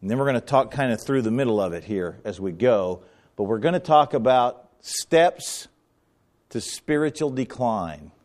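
A man's voice: mid-range voice, lively intonation, normal speed. A middle-aged man preaching a sermon as pastor, dramatic and swinging his voice up and down as he acts out quotes.

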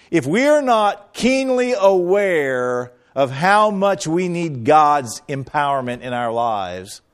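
A middle-aged pastor preaching a sermon, his voice sitting a little high for a man. He acts out the quotes with big swings in pitch and volume.

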